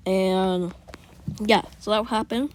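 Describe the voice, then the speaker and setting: A woman's voice: medium pitch, fairly even intonation, measured pace. Brief: casual woman storyteller, rambling, drops to whispers at times. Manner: rambling, many restarts, whispered asides. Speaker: fan storyteller.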